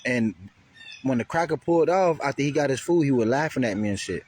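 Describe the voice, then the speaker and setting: A man's voice: medium pitch, expressive, a little fast, a little mellow, slight background noise. A man vlogger telling a rambling, profane story in casual speech heavy with slang.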